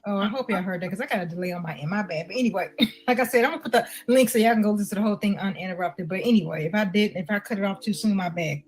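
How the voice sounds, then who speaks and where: A woman hosting a casual livestream, chatting loosely with her viewers and tossing off quick apologies between clips. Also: medium pitch, slightly rough, rough recording. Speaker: livestream host. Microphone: headset with earpiece.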